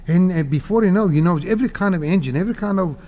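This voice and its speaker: A man in his sixties from Cyprus, telling stories as a guest in a casual interview, animated and laughing often. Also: sits high, quick pace. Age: 60s.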